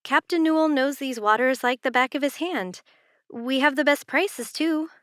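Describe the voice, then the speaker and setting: A woman reading the part of a young woman who works a tour booth, with quick, slightly breathless replies. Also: high-pitched, fairly bright tone, no room sound, studio quality, voice pushed up. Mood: flustered. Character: young Canadian woman working a tour booth, flustered yet teasing.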